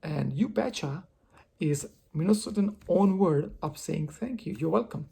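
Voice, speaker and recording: A man telling a personal story on his vlog, expressive and poking fun at himself. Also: sits high, measured pace, vocal fry, slightly rough. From India. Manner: expressive, self-mocking storyteller. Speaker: vlogger.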